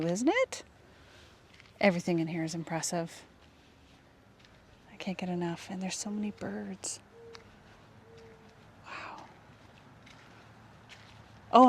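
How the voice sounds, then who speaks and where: Woman, gardening vlogger, excitable and wonder-struck, outdoor camera audio with faint background noise. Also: lowish voice, unhurried, pauses often. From Canada. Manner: gushing, exclamatory, often drops to a hush. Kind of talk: casual walk-and-talk vlog.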